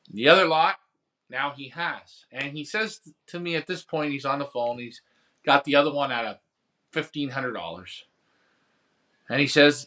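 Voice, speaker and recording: A man's voice: on the high side, moderate pace, long pauses, pushed and bright. A man hosting a pigeon racing show, telling a rambling story about an auction and answering viewer comments in casual chat. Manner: rambling storytelling, acts out phone bids. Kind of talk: casual live-stream chat.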